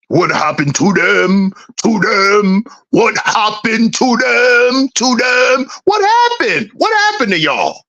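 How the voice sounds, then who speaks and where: A woman hosting her own channel rants rhetorically, mocking her listeners and teasingly repeating her questions in a sing-song. Her fairly bright voice has lively intonation, big pitch swings and drawn-out words, and the highs are cut off.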